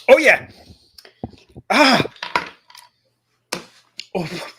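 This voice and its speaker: A man's voice: very high-pitched, sing-song, drawn-out words, fairly bright tone, slight background noise. A man co-hosting a casual live show over a video call, groaning and gasping through a hot-sauce challenge. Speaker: co-host. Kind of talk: casual chat.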